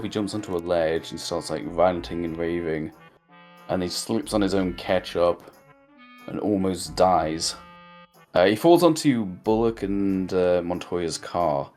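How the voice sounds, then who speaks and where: Low-voiced man recapping casually. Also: darkish tone. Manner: rambling, jokey recaps with acted-out quotes. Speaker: podcast co-host. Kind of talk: casual review chat.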